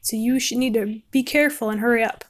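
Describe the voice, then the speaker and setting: A woman casually rambling about a book she likes while she paints, chatty and quick to laugh. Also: fairly high pitch. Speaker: book vlogger.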